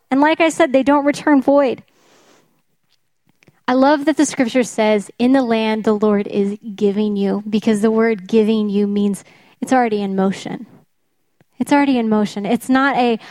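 A woman's voice: high-pitched, a little mellow, dry recording. A woman preaching a sermon, emphatic, often repeating her key phrases for weight.

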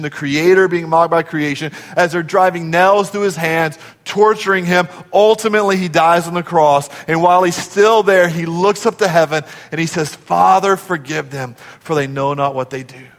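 A high-pitched male pastor delivers a dynamic sermon, rising to shouts and dropping to near whispers. He calls on the congregation to repeat after him. His voice rings with the long echo of a large church hall. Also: steady tone, moderate pace, hardly any pauses. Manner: urges the congregation to respond. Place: church sanctuary.

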